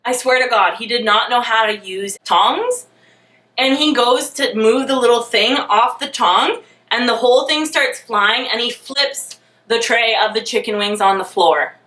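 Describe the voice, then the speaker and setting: A young woman telling a dating story in a storytime vlog, animated, sarcastic and self-mocking. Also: fairly high pitch, a little slow. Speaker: vlogger. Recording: roomy, mic at a distance.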